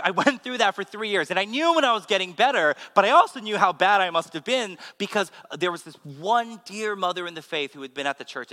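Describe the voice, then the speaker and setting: A man, a pastor, giving a sermon with animated, humorous storytelling. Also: high-pitched. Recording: long hall reverb.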